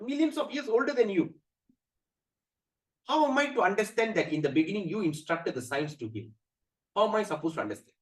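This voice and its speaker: Man, scripture teacher, slightly high voice, recorded from a distance, echoey room. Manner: chants verses slowly, then explains animatedly with fillers. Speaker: spiritual teacher. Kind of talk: scripture class lecture.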